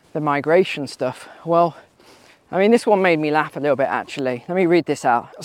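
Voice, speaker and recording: A man's voice: on the high side, no room sound. A man giving casual spoken commentary while walking on a mountain trail, asking rhetorical questions and using frequent fillers. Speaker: vlogger.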